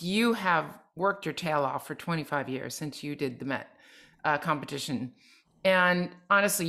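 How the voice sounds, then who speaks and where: A middle-aged woman with a somewhat low voice co-hosts an interview. She speaks earnestly, offering advice and asking thoughtful questions at a conversational pace. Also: a bit bright. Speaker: podcast co-host and opera singer.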